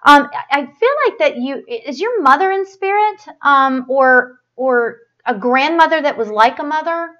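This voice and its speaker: A woman hosting a live spiritual stream, giving a psychic reading in a rambling, halting way with many fillers and restarts, and a gushing, affectionate tone. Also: sits high, expressive, sharp tone, muffled recording. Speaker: medium hosting a live show.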